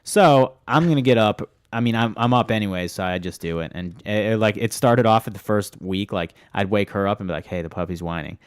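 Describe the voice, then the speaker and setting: A man's voice: fairly low pitch, brisk, hardly any pauses, smooth, no room sound, studio quality. A man co-hosting a podcast, chatting casually and telling loose, joking stories with swearing. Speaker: podcast co-host. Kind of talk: casual chat.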